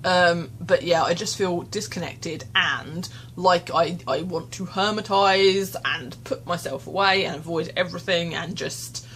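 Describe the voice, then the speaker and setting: A woman's voice: on the low side, a little hiss or hum. A young woman vlogging candidly into her phone, rambling and self-deprecating, tearful and shaken. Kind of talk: candid confessional vlog. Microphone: phone camera.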